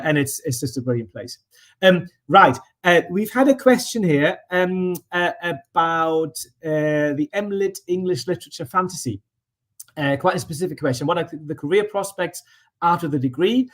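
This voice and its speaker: A middle-aged man moderates an online panel. His voice sits fairly high for a man, and he speaks in a friendly, hesitant way, often restarting his sentences. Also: fairly bright tone. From Germany. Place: indoors by a sunny window.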